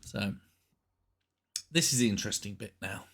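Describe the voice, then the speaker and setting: A man's voice: on the low side, normal speed, fairly bright tone. A man streaming a game live, talking in a rambling, self-interrupting casual way. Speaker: gaming streamer.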